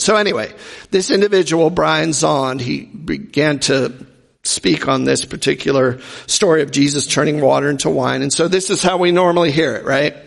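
A man's voice: mid-range voice, vocal fry, big-room sound. A man giving an informal, conversational sermon with jokey asides and acted-out quotes. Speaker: preacher.

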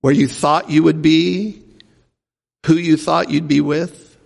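A male pastor delivers a sermon with emphasis, piling on rhetorical questions, though his delivery stays flat and slow. His gravelly voice sits somewhat high with a darkish tone, and a large hall's long reverb trails after him.

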